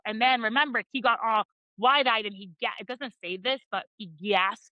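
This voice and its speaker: Sassy woman recapping a book on a podcast, kinda high bright voice. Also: moderate pace, dry recording, rough recording. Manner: animated, sassy retelling with acted quotes and swearing. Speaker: podcast co-host. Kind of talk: casual book recap chat.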